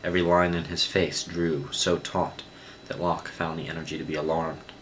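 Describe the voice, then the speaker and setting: A man reading a novel aloud as narrator in a slow, steady manner. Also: low-pitched, a little hiss or hum, rough recording. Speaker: audiobook reader. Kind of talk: scripted narration.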